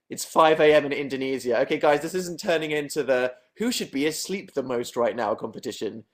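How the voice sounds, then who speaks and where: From his bedroom late at night, a young English livestream host reads viewer comments at a moderate pace. His mid-range voice is animated, and his delivery is casual, dry, sarcastic and self-mocking.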